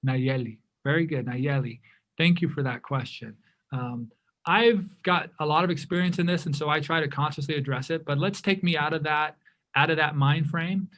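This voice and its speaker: A man leading a diversity workshop speaks in a somewhat high voice. He is animated and often restarts his sentences. He acts out the remarks he quotes. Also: moderate pace. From California. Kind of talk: interactive workshop talk.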